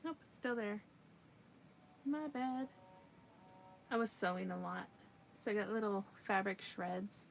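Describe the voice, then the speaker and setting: A woman in a relaxed livestream chat, talking to her viewers while she crochets. Her voice sits at an ordinary middle pitch and she keeps an easygoing, chatty manner. A faint hum of background noise runs under the recording. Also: a little slow, vocal fry, pauses often. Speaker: livestream crafter.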